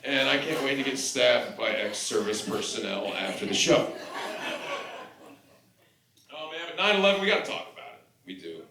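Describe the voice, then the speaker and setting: A man doing a stand-up comedy set on stage, telling profane, animated stories and breaking into mock shouting. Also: mid-range voice, normal speed, creaky, long pauses. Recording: echoey room from far off, noisy. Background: audience laughter.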